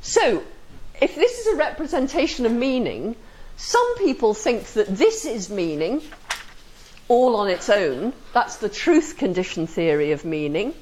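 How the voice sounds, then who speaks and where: A woman's voice: fairly high pitch, sing-song, unhurried, a little mellow, a little hiss or hum, poor audio. A woman teaches a class with a voice that rises and falls a great deal. She keeps checking whether her students follow her. She acts out example sentences with dry humor. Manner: questioning, asks the class for agreement. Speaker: lecturer. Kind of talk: classroom lecture.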